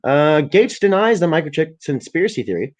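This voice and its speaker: A man's voice: a little high, very animated, brisk, a little mellow. Canadian man, live stream host, sarcastic, cursing, stumbling over words, reads articles aloud. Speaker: livestream host. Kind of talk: casual live commentary reading articles aloud.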